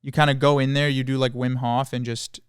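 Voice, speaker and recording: A man co-hosting a podcast who talks with earnest, playful enthusiasm. His voice is clear and smooth, captured close in a dry studio with no echo. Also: mid-range voice, brisk. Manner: earnest, playful, easily excited. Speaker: podcast co-host. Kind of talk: casual chat.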